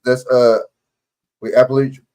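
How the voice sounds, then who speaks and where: A man's voice: medium pitch, flat delivery, normal speed, a little mellow. A man hosting a live stream, reacting to a news clip in rambling, profane casual chat full of questions.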